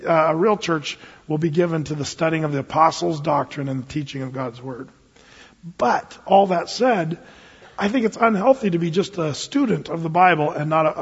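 Male pastor, sermon delivery, slightly husky voice, reverb of a big church hall. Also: on the high side. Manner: earnest preaching with reflective asides and scripture reading. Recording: dull sound with long hall reverb.

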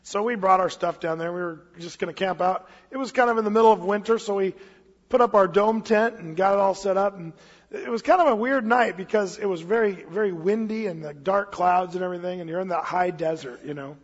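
A fairly high-voiced man preaching in an easy, chatty way, slowing down whenever he reads scripture aloud. His voice carries a long hall reverb, and the recording sounds slightly muffled. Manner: casual, storytelling, reads scripture slowly. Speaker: pastor. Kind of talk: expository sermon.

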